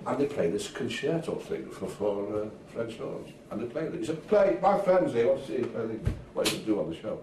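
A man's voice: medium pitch, moderate pace, hardly any pauses. An older man from Merseyside, a retired drummer, telling stories in a casual interview and acting out the voices of people he quotes, with frequent swearing. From Merseyside, England. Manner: lively storyteller who acts out quoted voices and swears freely. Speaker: retired drummer and band agent. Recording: echoey room from far off with faint hiss.

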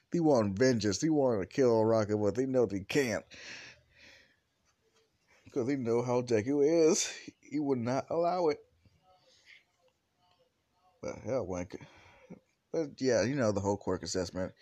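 A man casually retelling a fan story, rambling and animated, cussing now and then. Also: mid-range voice, unhurried, pauses often, no room sound. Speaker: fan fiction narrator.

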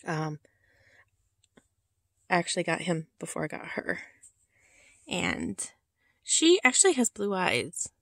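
A woman talks slowly through a casual show-and-tell vlog. Her voice is gravelly and soft, and it often drops to a whisper as she holds back tears. The sound is dry and close, with no room echo. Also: fairly low pitch, wildly swooping pitch. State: emotional, holding back tears. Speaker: reborn doll collector showing her dolls.

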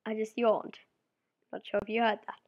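A woman's voice: on the high side, level tone, normal speed, muffled recording. A young woman casually commenting on her game play, rambling playfully and acting out silly imagined conversations. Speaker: let's play gamer. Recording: noisy home mic recording.

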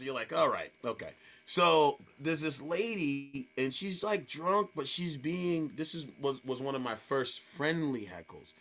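A man, a comedian, telling stage stories in casual chat, swearing freely and acting out hecklers in loud voices. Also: on the high side, unhurried, a little hiss or hum. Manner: animated storyteller, acts out hecklers in loud voices. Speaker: stand-up comedian guest.

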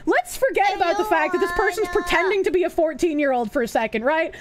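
Very high-voiced, lively woman streamer. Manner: blunt, profane, openly disgusted commentary. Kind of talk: live-stream reaction, reading chat and messages aloud.

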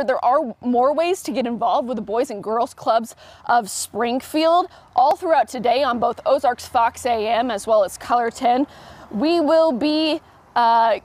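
A woman news reporter talks through a live segment in a chatty, upbeat manner, dropping casual fillers. Her voice sits fairly high. The sound is dry and close, with no room echo. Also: darkish tone.

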